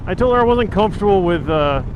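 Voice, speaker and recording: A man's voice: sits high, lively intonation, fast, muffled recording. A man in his thirties telling a rambling story while riding a motorcycle, with plenty of fillers and restarts. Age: 30s. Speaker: motovlogger. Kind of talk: casual storytelling vlog. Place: outdoors on a windy road, riding a motorcycle. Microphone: helmet-mounted action camera mic. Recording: outdoor vlog with wind and road noise. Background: wind and engine noise.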